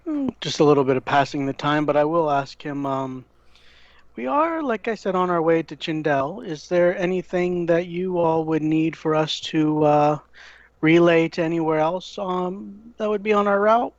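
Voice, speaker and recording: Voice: mid-range voice, moderate pace, no room sound. Player with a dull, dry lo-fi sound. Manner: friendly, searching for words. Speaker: player voicing a mouse-folk cleric. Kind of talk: in-character tabletop play.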